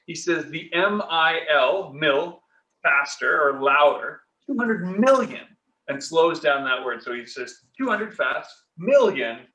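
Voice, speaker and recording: A man's voice: on the high side, sharp tone. A man hosting an educational commentary, talking conversationally and often checking in with a rhetorical "right?". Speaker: host. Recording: roomy, distant mic.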